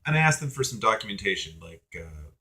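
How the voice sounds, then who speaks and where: Exasperated young man ranting, bright voice. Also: fairly low pitch, big pitch swings, fast. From United States. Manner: exasperated, sarcastic, rambling with frequent ums and likes. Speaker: vlogger. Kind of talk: venting rant to camera.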